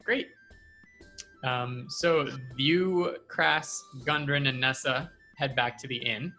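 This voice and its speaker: A man running a tabletop game as game master, narrating in a relaxed, hesitant way with frequent ums. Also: medium pitch, slow pace, faint music behind.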